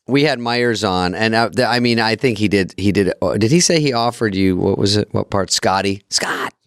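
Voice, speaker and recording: Smooth-voiced chatty man on a podcast. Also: lowish voice, brisk, no echo, studio quality. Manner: chatty, jumps in with questions. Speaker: podcast host. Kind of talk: casual chat.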